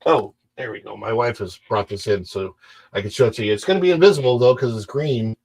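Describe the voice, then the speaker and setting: A man's voice: fairly low pitch, quick pace, creaky, a little mellow, poor audio. A man hosting a casual livestream from home, chatting to viewers in a rambling, self-correcting way. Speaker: livestream host.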